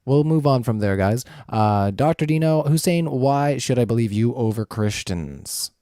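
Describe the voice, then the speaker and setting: A man moderating a streamed debate with a mellow voice and a dry, close sound. He is friendly and upbeat, reading questions and keeping time. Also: medium pitch, animated, moderate pace, dry recording. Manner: friendly, upbeat, keeps things moving.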